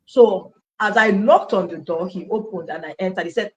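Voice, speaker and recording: A Nigerian woman recounts her own story as an interview guest, acting out the dialogue of the people she quotes. She talks animatedly at a mid pitch and often slips into Pidgin. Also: normal speed, few pauses. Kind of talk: personal testimony in an interview.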